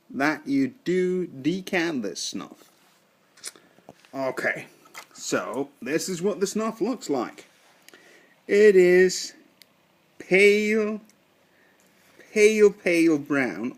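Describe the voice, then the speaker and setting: A man giving a casual product review in a slow, deliberate way, thinking aloud with fillers. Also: mid-range voice. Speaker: snuff reviewer.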